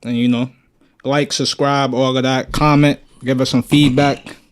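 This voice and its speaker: A man co-hosting a casual podcast, speaking in a low-key, halting way. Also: flat delivery, clean tone. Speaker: podcast co-host.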